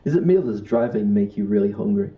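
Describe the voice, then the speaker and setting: A man's voice: lowish voice, expressive, fast talker. An English man chatting casually in a gaming voice call, rambling with lots of "like" and restarts. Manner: rambling, full of "like" and restarts, laughs easily. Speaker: convoy member in voice chat. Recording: dull lo-fi voice-chat audio, faint hiss.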